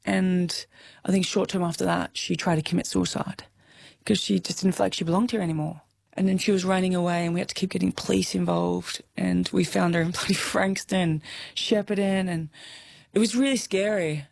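A woman's voice: mid-range voice, vocal fry, a little mellow. A woman in her thirties with an Australian accent, an interview guest talking frankly and emotionally, laughing often and swearing casually. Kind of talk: candid conversational interview.

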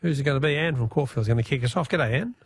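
A man with an Australian accent hosts late-night talk radio. His voice sits at an ordinary middle pitch. He talks in a loose, chatty way and catches his own slips, and the studio sound is close and dry. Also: fast talker, slightly rough, no echo. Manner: chatty, corrects himself. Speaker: radio host.

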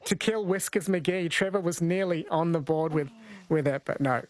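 A man's voice: on the high side, moderate pace. A man hosting a late-night radio quiz in a friendly, chatty way, laughing easily.

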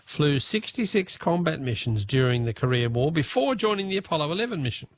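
A man's voice: fairly high pitch, very animated. A jovial, chatty Australian man hosting a radio quiz and talkback show. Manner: jovial, chatty, quick to laugh.

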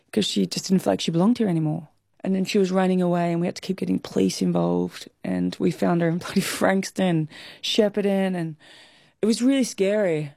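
A woman's voice: fairly low pitch, gravelly, a little mellow, dry recording, studio quality. An Australian woman in her thirties, a guest talking candidly and emotionally in an interview. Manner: candid, emotional, quick to laugh. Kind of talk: interview conversation.

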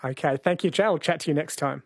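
A man hosting a radio interview in a measured, conversational way. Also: a little high, no room sound, studio quality. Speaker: radio show host.

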